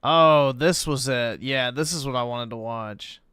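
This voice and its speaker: A man's voice: mid-range voice, measured pace, fairly bright tone, smooth. A man hosting a stream, making laid-back, offhand comments while watching videos. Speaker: streamer host reacting to videos.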